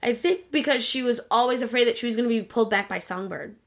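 A woman with a somewhat high voice talks casually, retelling a story to a friend. Her delivery is animated and peppered with profanity. It feels like an unscripted conversation between co-hosts. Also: fast talker. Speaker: podcast co-host.

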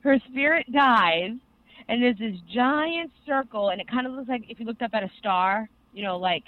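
A young adult co-host excitedly rambling through an anime recap in casual podcast chat, full of fillers. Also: medium pitch, normal speed. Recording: tinny phone-like sound.

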